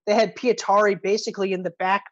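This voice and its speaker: Woman co-host, excitable, swears a lot, acts out scenes, lo-fi sound. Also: mid-range voice, fast. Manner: animated retelling, profane, acts out characters' lines. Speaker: podcast co-host. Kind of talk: casual movie review chat.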